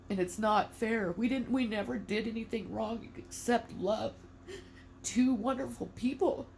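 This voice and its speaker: A woman's voice: a little high, a little mellow, slight background noise. A middle-aged mother speaking emotionally to camera, tearful and defiant, swearing in anger.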